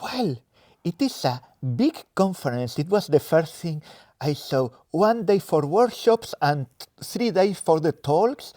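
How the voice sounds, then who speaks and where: A Spanish man with a mixed Spanish and French accent, a guest giving relaxed, self-deprecating answers and sometimes searching for words. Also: on the high side, dry recording, clean studio sound. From Spain. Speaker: interview guest, developer advocate. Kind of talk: casual interview answers. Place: conference venue in a cinema.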